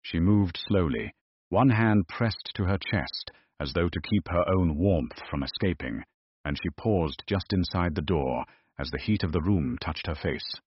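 A man narrating a scripted period story in a measured, deliberate way. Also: deep voice, expressive, husky, no echo. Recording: dull, dry close recording.

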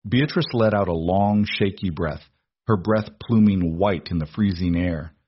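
A man reading a story aloud in a measured, dramatic narration. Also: low voice, husky. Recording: dull lo-fi recording.

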